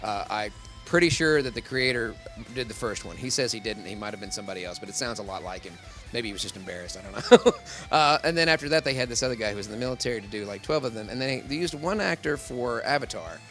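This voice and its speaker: Guy voice actor chatting at a convention, rambly and laughy, bright tense voice, faint music behind. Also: mid-range voice, fast. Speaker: professional voice actor, interview guest. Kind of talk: casual convention interview.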